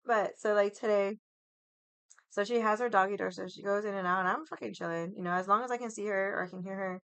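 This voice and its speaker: A woman's voice: medium pitch, steady tone, fast talker, a bit bright, smooth, no echo. Foul-mouthed woman streamer, rambling. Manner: profane, rambling, heavy use of "like". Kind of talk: casual storytelling chat.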